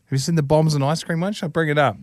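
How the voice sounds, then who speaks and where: A man's voice: fairly high pitch, steady tone, rapid-fire, a little mellow, no room sound, clean studio sound. A man co-hosting a podcast, joking in casual chat. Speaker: podcast co-host.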